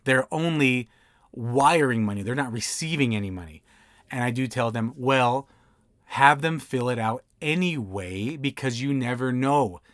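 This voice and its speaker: A man's voice: mid-range voice, no room sound, studio quality. A man hosting an instructional podcast, explaining tips in a conversational way and acting out client dialogue. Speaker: podcast host and signing service owner.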